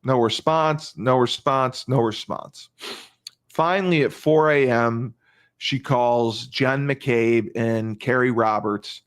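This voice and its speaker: A man's voice: mid-range voice, slow. A male podcast host retelling a crime case in casual talk, emphatic, repeating phrases and restarting often.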